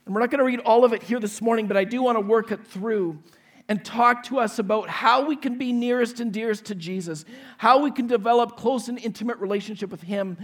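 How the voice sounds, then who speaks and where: A pastor in his forties preaches with a fairly high voice. He tells a personal story, acting out each person's lines with animation before turning to scripture. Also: fairly bright tone. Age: 40s.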